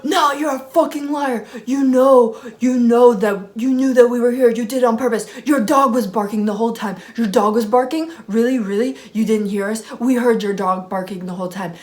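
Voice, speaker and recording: A woman voicing an angry young man who acts tough and yells accusations. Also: on the high side, fairly even intonation, moderate pace, few pauses, pitched above the performer's own voice, close to an everyday voice. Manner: yelling, accusing.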